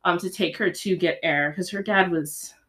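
A young woman co-hosting a casual chat podcast, telling stories with lively laughter and acted-out quotes. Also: fairly low pitch, normal speed. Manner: animated storyteller, laughs often, acts out quotes. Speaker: podcast co-host.

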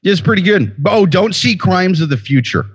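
A man's voice: high voice, big pitch swings, moderate pace, breathy edge. Profane rambling young man, podcast co-host. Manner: profane, rambling, many restarts and fillers. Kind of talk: casual chat.

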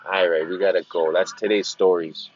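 Low-voiced man rambling on a lo-fi podcast. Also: steady tone, normal speed, soft background music. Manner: meandering, repeats phrases, slips into silly greeter voices. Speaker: podcast host. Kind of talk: rambling casual monologue.

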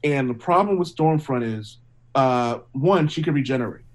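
A man's voice: medium pitch, moderate pace, a little hiss or hum, poor audio. Male co-host, conversational, rambling opinion-giver with frequent fillers. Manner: rambling, lots of "like" and "you know what I mean". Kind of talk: casual discussion.

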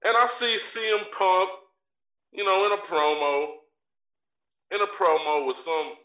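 Brash male podcast ranter, bright edgy tone, a bit far from the mic in a roomy space. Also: high-pitched, unhurried. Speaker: podcast co-host with a wrestling segment. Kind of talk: profane ranting commentary. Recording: echoey room, voice off-mic.

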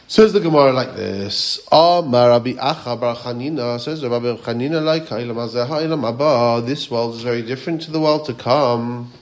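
A man's voice: mid-range voice, normal speed, hardly any pauses. Man, rabbi teaching a Torah class; questions the listeners, quotes Hebrew and Aramaic sources.

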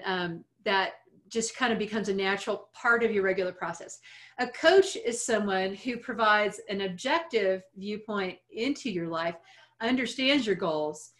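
A woman coach giving advice on a podcast, calm and explanatory, building her points around simple analogies. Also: mid-range voice. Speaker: coach answering listener questions.

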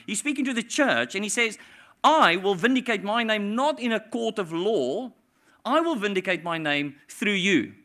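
A pastor preaching a sermon, swinging between hushed, tender passages and loud, impassioned ones. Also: male voice, a little high.

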